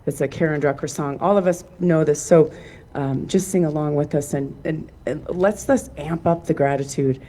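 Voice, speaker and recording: A woman's voice: low voice, moderate pace, few pauses. A woman speaking emotionally and chattily to the congregation before leading a song. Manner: emotional, warm, chatty with fillers. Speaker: singer and song leader. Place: outdoors. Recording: clear instrumental music behind.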